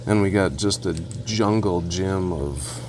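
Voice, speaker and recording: Low-voiced man rambling through his aquarium setup. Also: takes it slowly, background noise. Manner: relaxed, rambling, with fillers and asides. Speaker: aquarium hobbyist vlogger. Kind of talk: casual equipment walkthrough. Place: home, beside a reef tank.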